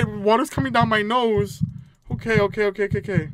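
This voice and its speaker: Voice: mid-range voice, fairly even intonation, fast talker, noisy background. A gaming host giving jumpy, nervous commentary on a horror game, laughing nervously and reading the game's text aloud.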